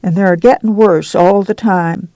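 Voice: mid-range voice, fairly even intonation, normal speed, dark tone, dry recording, close to an everyday voice. A reader voicing a timid, ashamed poor mother who pleads and whines in a rural drawl.

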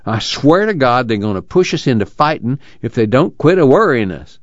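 A man's voice: mid-range voice, big pitch swings, normal speed, no room sound, voice pushed up, close to an everyday voice. A man voicing a worried, earnest camp leader who talks in a drawling rural dialect. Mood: weary pleading. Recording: dull lo-fi dry recording.

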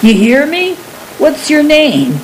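A woman reading as a brusque, lonely giant man fires off exasperated questions at a frightened stranger. The tone stays mellow and unhurried, with faint hiss behind it in this storybook reading. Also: mid-range voice, expressive, natural voice, rough recording. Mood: gruff. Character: gruff lonely giant man, blunt and impatient.

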